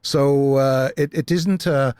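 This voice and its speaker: A man's voice: mid-range voice, steady tone, slow pace, darkish tone, clear, resonant tone, no room sound. Give me a man in his seventies from Britain, dry and wry, speaking in a dry, close recording. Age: 70s. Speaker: voice-over narrator guest. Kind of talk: casual interview chat.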